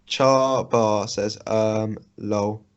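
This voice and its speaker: A man's voice: lowish voice, very slow, clean tone. A young man co-hosting a casual podcast, reading out comments with a sarcastic edge. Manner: reads comments aloud, lively and sarcastic. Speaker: podcast co-host. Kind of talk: casual chat. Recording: dull lo-fi sound.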